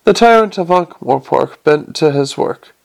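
A man reading an audiobook in an even, unhurried way. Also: a little high, creaky. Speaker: audiobook reader. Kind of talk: audiobook narration.

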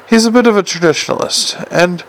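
Guy reading as a fussy nervous wizard, talks higher than his own voice, gravelly, flustered and chatty. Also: fairly quick, low-quality recording. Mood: earnest. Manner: flustered, chatty, eager to please. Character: fussy, nervous middle-aged male wizard.

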